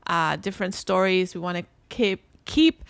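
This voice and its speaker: A woman's voice: on the low side, normal speed, gravelly, clear, resonant tone, no echo. A woman co-hosting a casual podcast, talking in an upbeat, encouraging way. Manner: upbeat, encouraging sign-off talk. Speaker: podcast co-host. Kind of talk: casual chat.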